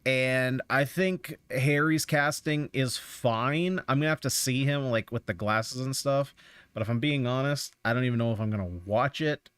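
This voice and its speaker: A man's voice: mid-range voice, moderate pace, fairly bright tone, clean tone, no room sound. A man streaming a game, chatting casually and offering rambling, opinionated thoughts as he plays. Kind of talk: casual chat while playing a game.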